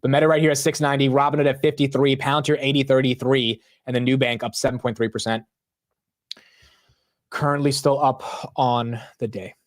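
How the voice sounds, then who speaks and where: A man hosting a live market stream, talking loudly and animatedly in casual commentary, often poking fun at himself. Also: mid-range voice, fairly quick. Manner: loud, animated, self-mocking. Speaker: livestream market show host.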